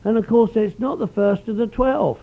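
Middle-aged guy at a recovery meeting, rambly and folksy, fairly high voice, dull lo-fi recording. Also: normal speed, creaky. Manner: rambling, folksy, peppers speech with "you know". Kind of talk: personal storytelling talk.

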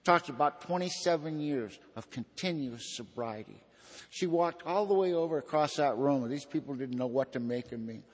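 A man's voice: medium pitch, lively intonation, moderate pace. Man telling his story in a reverberant hall. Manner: folksy storytelling, drawling slang, swings between loud and hushed. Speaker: speaker at a recovery meeting. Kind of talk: personal testimony talk.

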